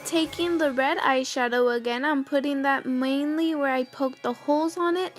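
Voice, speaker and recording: A woman's voice: high-pitched, normal speed, over music. A young woman giving step-by-step voice-over narration for a makeup tutorial. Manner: steady step-by-step instructions. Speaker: makeup vlogger.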